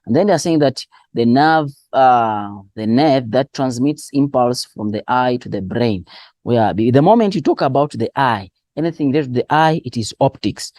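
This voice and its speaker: A man going through exam answers as a teacher, spelling out key terms slowly and asking and answering his own questions. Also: medium pitch, a little mellow, no echo. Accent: Southern African English. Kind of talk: exam revision lesson.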